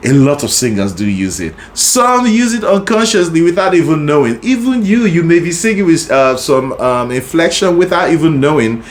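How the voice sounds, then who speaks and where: High, lively-voiced male vocal coach. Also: normal speed, hardly any pauses, a little hiss or hum. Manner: explains warmly, breaks into short sung phrases; checks in often with "right?" and "okay?". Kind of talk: singing lesson with sung demonstrations.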